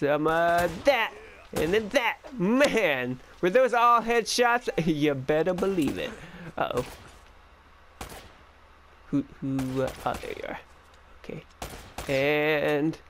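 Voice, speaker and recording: A man's voice: on the high side, a little hiss or hum. A young man giving casual, joking let's-play commentary and chatting to the game character. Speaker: gaming YouTuber.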